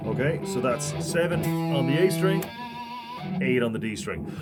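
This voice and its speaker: A man's voice: mid-range voice, expressive, normal speed. A man teaching guitar, recapping a lesson patiently, counting beats aloud and scatting riffs over his playing. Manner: patient, repeats okay and right, counts and scats riffs. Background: guitar and metronome.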